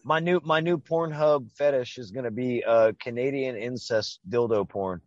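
A man hosting a podcast, bantering casually with profane jokes in quick bursts. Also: mid-range voice, dry recording, dull audio. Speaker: podcast host.

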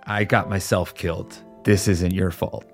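A man playing his character in a tabletop game, earnest with quick jokes. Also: low voice, level tone, faint music behind. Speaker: player. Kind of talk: tabletop role-play.

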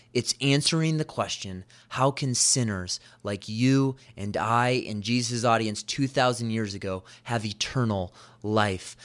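A man preaching a sermon as pastor, reading scripture aloud and repeating key phrases with emphasis. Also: mid-range voice.

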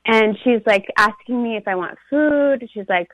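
A woman's voice: a little high, normal speed, no room sound. Woman, casual dream retelling, rambling, filler-heavy, muffled lo-fi audio. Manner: rambling, fills speech with "like". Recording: dull lo-fi recording.

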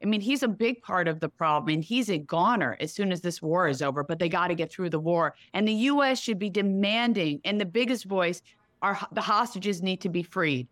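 A woman's voice: on the low side, expressive, a little fast, no room sound. Blunt, emphatic New woman. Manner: blunt, emphatic, talks in run-on bursts. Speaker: real estate executive. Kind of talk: candid interview talk.

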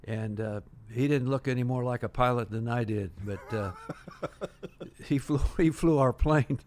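A man's voice: mid-range voice, measured pace, darkish tone. An older man telling a rambling anecdote as an interview guest, full of restarts and quoted dialogue. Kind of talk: casual anecdote.

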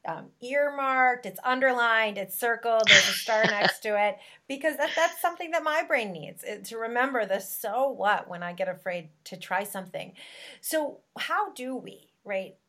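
A woman hosting a podcast interview, chatting warmly and enthusiastically, laughing often and leading with questions. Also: a little high, animated, normal speed. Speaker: podcast host. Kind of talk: casual interview chat.

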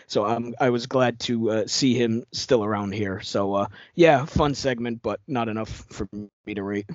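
A man's voice: medium pitch, normal speed, no room sound, lo-fi sound. A man co-hosting a podcast in casual chat, hesitant, with many fillers and repeated words. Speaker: podcast co-host.

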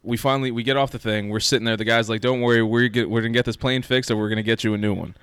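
A man in casual podcast chat, telling an animated story and acting out what people said. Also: medium pitch, racing, clear, resonant tone, dry recording. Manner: animated storyteller, acts out quoted lines.

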